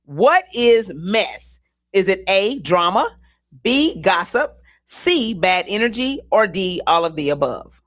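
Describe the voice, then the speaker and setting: A woman co-hosting a community show, reading trivia questions slowly and deliberately and laughing often. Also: medium pitch, very animated. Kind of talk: casual radio-style chat, game quiz.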